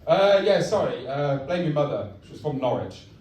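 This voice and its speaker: A man voicing Darth Vader as a pompous warlord who talks low and grand, heard from a distance in a very echoey comedy club. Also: sing-song, moderate pace, noisy background. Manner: pompous, low, then apologetic. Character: Darth Vader, menacing male warlord turned sheepish.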